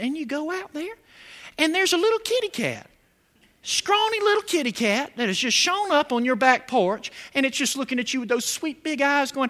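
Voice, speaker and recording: A man preaching a sermon as pastor, animated, with call-and-response questions to the congregation. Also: very high voice, moderate pace.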